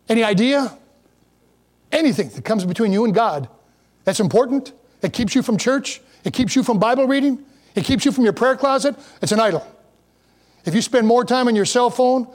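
A man's voice: sits high, darkish tone. A man preaching a sermon in a conversational way, reading scripture aloud and breaking off for joking asides. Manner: reads scripture aloud in King James wording. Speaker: pastor.

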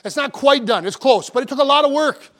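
High-voiced preaching pastor. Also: male voice, fairly bright tone. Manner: fervent preaching, with frequent repeated words and restarts; slows to a measured cadence when reading scripture. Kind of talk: sermon.

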